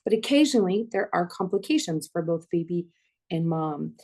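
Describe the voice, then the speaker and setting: Emotional woman midwife, low mellow voice, heartfelt panel remarks. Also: expressive, normal speed. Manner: emotional, heartfelt, slightly teary. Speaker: midwife, clinical director.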